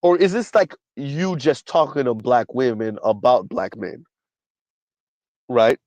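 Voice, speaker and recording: A man's voice: medium pitch, takes it slowly, a little mellow, dry recording, poor audio. A man hosting a casual commentary stream who reads viewer comments aloud, keeps asking "right?", and has a dry cough. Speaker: commentary channel host.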